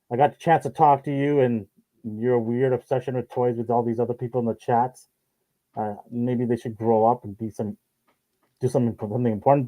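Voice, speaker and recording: A man's voice: medium pitch, darkish tone, close to an everyday voice, poor audio. A man putting on the voice of a boastful, self-important male politician who brags and repeats himself. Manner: bragging, repetitive, dismissive of others.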